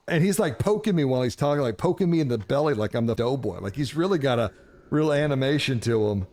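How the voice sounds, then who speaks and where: Man, storyteller, casual and profane, mid-pitch, lively delivery. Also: quick pace. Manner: animated, profane, laughing. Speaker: streamer telling a story.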